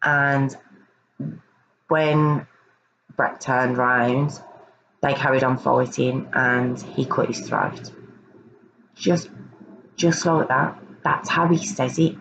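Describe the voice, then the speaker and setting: A woman's voice: rumbling low, steady tone, slow, vocal fry, long pauses, dull audio, background noise. A woman earnestly recounting a true crime case in a casual review, often hesitating and repeating words.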